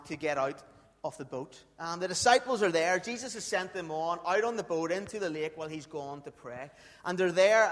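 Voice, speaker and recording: A man preaching a sermon, chatty and often checking in with "okay?". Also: fairly high pitch. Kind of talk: sermon with a live demonstration. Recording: long hall reverb.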